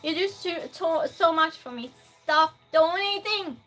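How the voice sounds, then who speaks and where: A woman's voice: very high-pitched, normal speed, pushed and bright, soft background music. A woman hosting a live-stream game night, chatting casually, reading chat aloud and playfully scolding and thanking donors.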